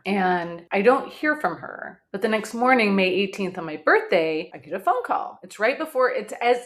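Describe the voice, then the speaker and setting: A woman hosting a podcast, telling a painful family story in a candid, blunt way, with casual swearing and dark humor. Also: mid-range voice, lively intonation, fairly quick, hardly any pauses. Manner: dark humor with short laughs. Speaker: podcast host. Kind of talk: personal storytelling.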